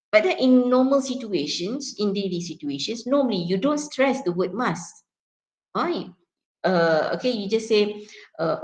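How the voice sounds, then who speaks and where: A woman's voice: medium pitch, animated, a little slow, rough recording. A woman with a Malaysian accent lecturing on English pronunciation, checking in with "okay" and "yeah" and slipping into Malay words. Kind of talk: classroom lecture.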